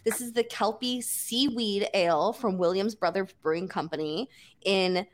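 A woman's voice: mid-range voice, moderate pace. A woman co-hosting a casual podcast, playful and swearing freely. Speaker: podcast co-host.

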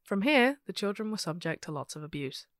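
A woman with a London accent, co-hosting a podcast and telling a true crime case in a steady, matter-of-fact way with dry asides. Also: mid-range voice, brisk, dry recording. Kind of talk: casual chat reading out researched notes.

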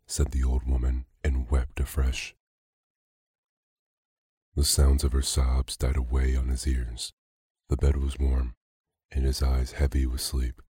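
A man narrating a classic spooky story as a calm bedtime reading for sleep. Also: a bass voice, slightly rough, dry recording, clean studio sound. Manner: slow, calm, even reading.

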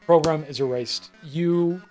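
A man's voice: a little high, unhurried, a little mellow, faint music behind. A man narrating as game master of a tabletop role-playing game, talking casually with lots of fillers.

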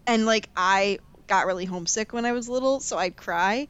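A woman's voice: medium pitch, normal speed, a bit bright, smooth. A young woman in her twenties co-hosting a casual chat, a playful storyteller who laughs often. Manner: chatty, giggly, playful storyteller. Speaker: podcast co-host.

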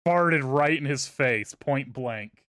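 A man tells a party story to his podcast co-hosts in a loose, easygoing way, swearing freely. His asides drop to a mutter. His voice sits at an ordinary middle pitch and is recorded close and dry. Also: slow, dry recording. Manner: laid-back, profane, trails off into quiet asides. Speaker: podcast host. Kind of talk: casual storytelling.

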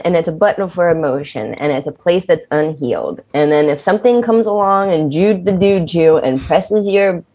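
Casting note: a woman with a low voice, candid and animated, swears freely in casual chat. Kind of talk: casual conversation.

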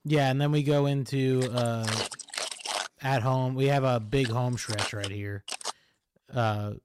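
A male podcast co-host in a casual sports chat, relaxed and rambling with fillers. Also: medium pitch, slow pace. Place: home setup on a call. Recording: noisy call audio.

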